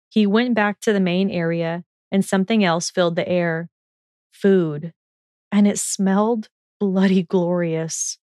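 A woman's voice: mid-range voice, darkish tone, no echo, studio quality. Woman narrating a fan fiction audiobook.

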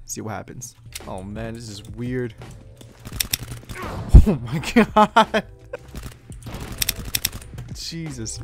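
A young man giving casual commentary over his own shooter gameplay, chatty and yelling at big plays. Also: medium pitch. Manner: excitable, yells at big plays. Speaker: gaming YouTuber. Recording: loud game music and gunfire behind.

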